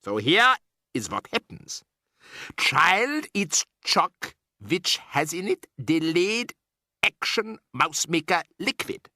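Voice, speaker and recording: A man puts on a cruel witch queen whose shrill voice leaps high and wild as she gloats and shouts her plans in broken grammar. The tone is gravelly and sharp, and the delivery is slow and relished. The reading is dry and close, as in a storybook recording. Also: sing-song, dry recording, exaggerated voice. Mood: scheming. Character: gloating, ruthless female witch leader. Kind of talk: audiobook character voice.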